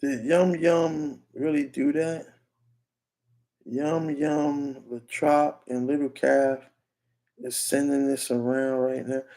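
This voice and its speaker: Rambling young man streamer, gravelly. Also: medium pitch, flat delivery, slow pace, mellow. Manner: rambling, restarts sentences, slangy. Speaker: streamer reacting to clips. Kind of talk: casual live commentary.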